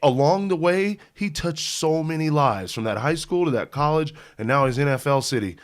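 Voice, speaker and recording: Male podcast co-host, casual and animated, quick to laugh mid-story. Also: a little high. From Indiana. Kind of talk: casual sports podcast chat.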